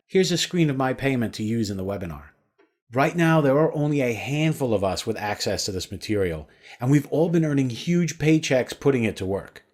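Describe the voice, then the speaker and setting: A man delivering a scripted sales pitch with a lively, bouncing delivery. His voice sits in a middle register and swings up and down often as he tells his story persuasively. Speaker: sales webinar presenter.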